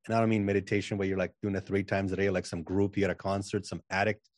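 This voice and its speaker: This podcast guest, a channeling coach, has a low-pitched voice with flat delivery and a quick pace. Speaking in a casual interview, he comes across as confident and emphatic, frequently doubling words at the start of a sentence. The sound is dry and clean, like a studio.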